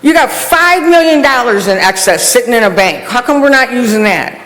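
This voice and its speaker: A woman's voice: fairly high pitch, animated, normal speed, fairly bright tone. A frustrated woman giving public comment at a council meeting, firing off pointed questions. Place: council chamber. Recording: echoey hall, room mic.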